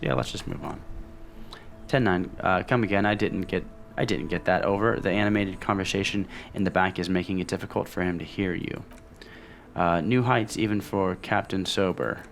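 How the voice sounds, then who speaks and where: A man's voice: sits low, gravelly, a little hiss or hum. A man casually commenting on a video game as he plays, reading its dialogue aloud between offhand remarks. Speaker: let's play host.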